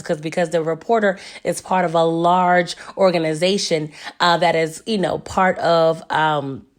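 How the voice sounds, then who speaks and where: A woman recapping a TV episode in casual chat, chatty and laughing, talking straight to her viewers. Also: lowish voice. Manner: chatty, animated asides to viewers, laughs often. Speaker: TV recap vlogger.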